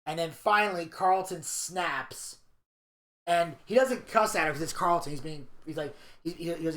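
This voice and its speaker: A man co-hosting a podcast, reading a narration aloud and retelling scenes in a crude, animated way. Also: on the high side, moderate pace. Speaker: podcast co-host. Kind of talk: casual podcast chat, reading a documentary narration. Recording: echoey room.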